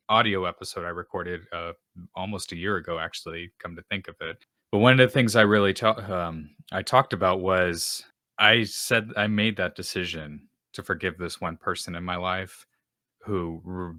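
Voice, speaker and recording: Host type: low-pitched man with a bright, forceful voice, earnest casual faith talk, dry close sound. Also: no room sound. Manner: earnest and conversational, with frequent restarts. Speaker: host of a Christian podcast.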